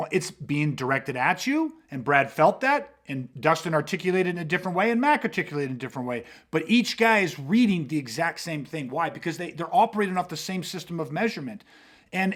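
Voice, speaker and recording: Male podcast host with a high-pitched voice, emphatic and profane, acts out dialogue. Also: a bit bright. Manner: emphatic, swearing, acts out quoted exchanges. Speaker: self-defense podcast host. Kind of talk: casual podcast talk. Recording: podcast mic.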